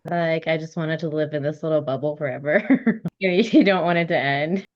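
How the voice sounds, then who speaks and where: Very low-voiced wistful woman, lo-fi. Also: normal speed. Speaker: fan guest. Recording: dull lo-fi recording.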